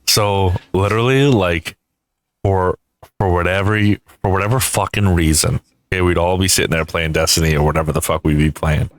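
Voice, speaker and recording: A man's voice: low-pitched, steady tone, fairly quick. A man co-hosting a casual podcast, telling crude stories with laughter and sudden mock singing. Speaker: podcast co-host.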